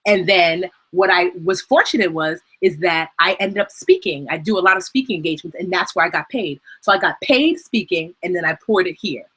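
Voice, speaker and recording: A woman's voice: on the low side, fairly quick, hardly any pauses, fairly bright tone, husky. A woman hosting a casual live-stream Q&A about personal finance, talking in a chatty, emotional way and sometimes laughing through tears. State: tearful, crying at times. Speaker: personal finance educator and host.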